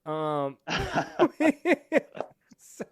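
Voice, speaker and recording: A man from Canada hosting a podcast, telling a lively story in casual chat, acting out what people said and laughing often. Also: high-pitched, very slow. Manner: animated storyteller, acts out quotes, laughs often. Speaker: podcast host.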